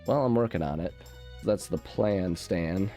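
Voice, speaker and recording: Speaking at a measured pace, a gaming channel host with a deep, dark voice rambles goofily through casual let's play commentary. He interrupts himself often as he plays, and game music runs underneath.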